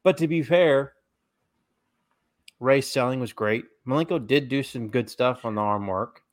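Male podcast host, casual and rambling, mid-pitched, chewing while he talks. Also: unhurried. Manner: rambling, restarts often, swears casually; eating while talking. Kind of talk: casual wrestling podcast chat.

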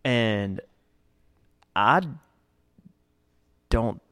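A guest in his thirties draws out his words in a fairly low, slightly bright, clean voice. Chatting casually, he tells easygoing stories about old jobs and acts out the people he quotes.

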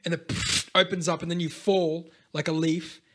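A young man with a fairly high-pitched voice, chatting on a podcast. He rambles, swears freely and gets animated as he goes. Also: moderate pace. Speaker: podcast co-host. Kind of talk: casual podcast chat.

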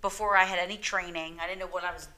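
A woman's voice: on the low side, fairly even intonation, fast talker, pushed and bright. A woman chatting casually as a paranormal investigator, rambling through stories and acting out what she heard. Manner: rambling storyteller, acts out quoted voices. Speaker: paranormal investigator, podcast co-host. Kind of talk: casual group chat.

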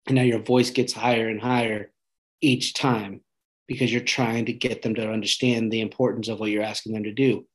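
A man's voice: on the low side, level tone, moderate pace, poor audio. Earnest man giving parenting advice. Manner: earnest, reflective, often asks "right?". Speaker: parenting podcast host. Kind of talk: casual advice monologue.

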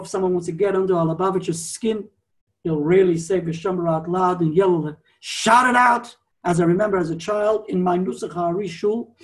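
A man gives a Torah class, explaining his points at length and wandering into asides. His voice sits high for a man. He sounds set back from the microphone. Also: recorded from a distance. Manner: explanatory, digressive, repeats himself. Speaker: Torah teacher.

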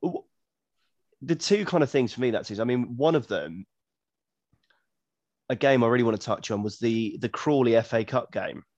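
A man's voice: medium pitch, lively intonation, moderate pace, pauses often, darkish tone, no room sound, muffled recording. A man hosting an interview who asks long questions, hesitant, with restarts as he goes. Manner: hesitant, restarts and fillers while asking. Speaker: podcast host.

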